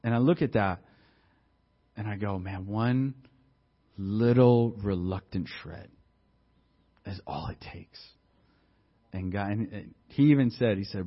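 A man's voice: fairly low pitch, slow pace, pauses often, muffled recording. A man preaching a sermon, telling a story in a conversational way and building to emphatic exhortation. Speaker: pastor.

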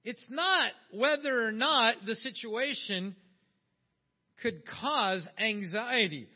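A man's voice: extremely high pitch, expressive, slow. A man preaching a sermon in a conversational way, putting questions to his listeners. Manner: conversational, asks the audience questions. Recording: dull sound with long hall reverb.

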